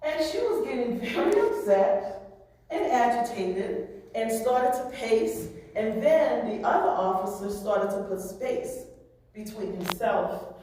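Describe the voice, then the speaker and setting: Telling a story to a public oversight board, this woman acts out each quoted voice in a mellow, sing-song tone pitched on the high side. She takes it slowly. The recording is distant and echoey, made in a large meeting room with strong echo.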